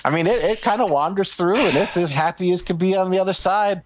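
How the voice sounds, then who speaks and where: A man's voice: high voice, fast talker, dry recording. Easygoing man narrating as game master. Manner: easygoing, relaxed narration with filler words.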